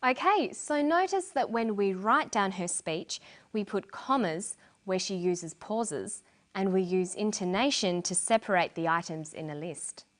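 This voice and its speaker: A middle-aged woman explains points of English to learners in a scripted lesson. She speaks clearly and deliberately. Her intonation moves lively up and down. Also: medium pitch. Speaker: English teacher presenter. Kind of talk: scripted educational narration.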